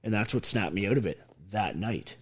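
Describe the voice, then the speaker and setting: A man's voice: on the low side, expressive, fairly quick, breathy edge. A man from Canada, an army veteran, telling his own story as a podcast guest in a blunt, intense way and swearing constantly. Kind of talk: raw personal storytelling in a podcast interview.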